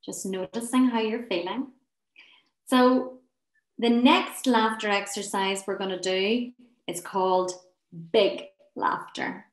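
A woman leading a guided laughter and relaxation session. She gives gentle, encouraging, soothing instructions. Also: mid-range voice, steady tone, takes it slowly, roomy sound, poor audio. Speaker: wellness session leader.

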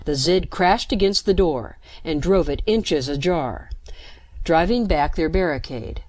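A woman narrating a science fiction story with steady, dramatic pacing into a close mic. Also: low-pitched, a little slow, no echo. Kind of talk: scripted narration.

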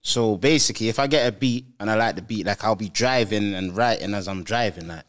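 A young man co-hosting a call-in show, relaxed and teasing as he trades casual banter. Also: lowish voice, fairly quick. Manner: laid-back, asks teasing questions and laughs along. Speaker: co-host.

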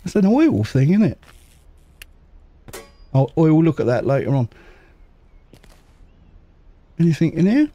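A man casually commentating a game as he plays, muttering to himself and making quick jokes. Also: fairly high pitch, huge pitch swings, mellow, no echo, muffled recording. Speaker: gaming channel host. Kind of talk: casual let's-play commentary.

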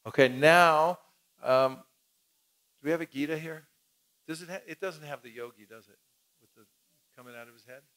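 Man, seminar teacher, casual and demonstrative, slightly higher voice. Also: moderate pace, long pauses, a bit bright. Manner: casual, demonstrative, plain-spoken.

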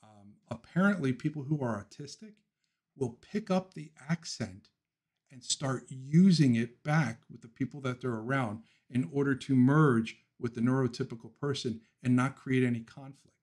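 Man from Philly, hosting a livestream, loose and opinionated, quick to laugh, mid-range voice. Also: medium pitch, a little mellow, husky. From Philadelphia. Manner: laughs often, opinionated ranting; talks through thoughts with frequent ums and restarts. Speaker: livestream host. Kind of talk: casual livestream chat, reading viewer comments.

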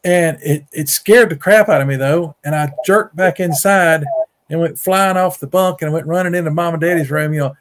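A middle-aged man from Mississippi with a drawl tells a long story in a casual, rambling way. His voice sits a little high for a man, and he doubles back on his words. He jumps higher when he acts out other people's lines. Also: normal speed. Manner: folksy, repeats words, acts out quotes in a raised voice. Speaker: guest storyteller, Bigfoot researcher. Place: home on a rural farm.

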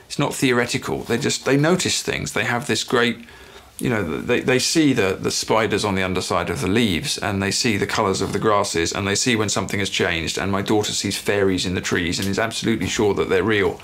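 A man's voice: on the low side, a little fast, few pauses, a bit bright. A middle-aged English man musing about his children in a documentary interview, often restarting phrases as he searches for words. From England. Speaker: writer and father interviewed in a documentary.

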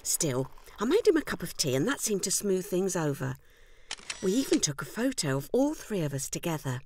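An actress playing a weary housewife in a loveless marriage, narrating a scripted film monologue in a wry, rueful and quietly downcast way. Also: female voice, fairly low pitch, big pitch swings, moderate pace, a little hiss or hum. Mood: wistful.

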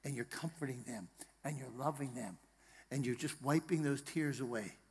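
A male pastor preaching a sermon in a church, moving between hushed, tender passages and loud, emphatic rallying lines, joking with the congregation and asking them questions. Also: medium pitch, normal speed, husky, in a large hall. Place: church sanctuary.

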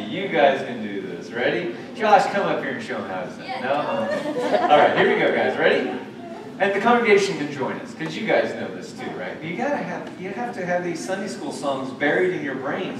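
A man leading a church service, reading scripture in a measured way and chatting playfully with children. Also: fairly high pitch. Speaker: pastor. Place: church sanctuary. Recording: echoey sanctuary recorded from far off, noisy.

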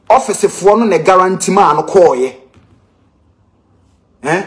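A man with a Ghanaian accent, a teacher, making an impassioned complaint with emphatic rhetorical questions. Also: on the high side.

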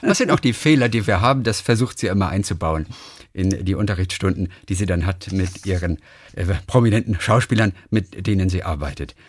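A man hosting a radio interview, summarizing in German and asking questions in English with lively banter. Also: low-pitched, fairly quick, dry recording, clean studio sound. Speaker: radio host. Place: radio studio.

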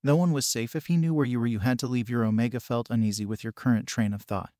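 A man reading a second-person fan fiction story aloud in a steady, even storybook delivery. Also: mid-range voice, fast talker, dry recording, clean studio sound. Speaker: narrator.

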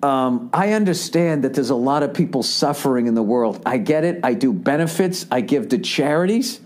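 A man's voice: medium pitch, expressive, moderate pace, a little mellow. A middle-aged man, telling a rambling, profane comedic story as a podcast host. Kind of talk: casual comedic monologue.

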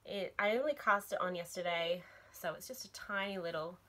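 A woman's voice: on the low side, moderate pace, a bit bright. A young woman hosting a knitting podcast, chatting enthusiastically about her projects with frequent ums and little laughs.

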